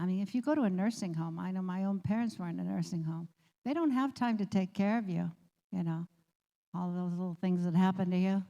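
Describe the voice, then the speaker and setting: A woman sharing a heartfelt personal story as a guest, laughing often and growing animated as she recalls. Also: fairly low pitch, creaky, big-room sound, dull audio. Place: community office room.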